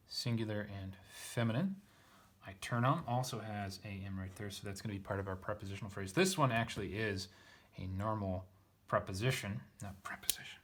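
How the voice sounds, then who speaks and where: A man's voice: fairly low pitch, a bit bright. A man working through a Latin scripture text aloud, thinking as he goes, hesitant and self-correcting, poking fun at himself. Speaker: teacher reading Latin scripture.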